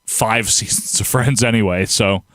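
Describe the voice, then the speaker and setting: On a casual livestream, a man reads out viewer comments and rambles along, laughing a lot and breaking into animated outbursts. His voice is lowish and a little slow, and the recording is dry.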